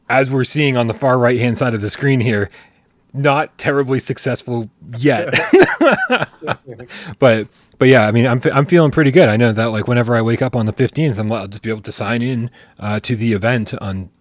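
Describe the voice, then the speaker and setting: A man's voice: medium pitch, no room sound. A man hosting a casual livestream podcast, playful and teasing, rambling with restarts. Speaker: podcast host.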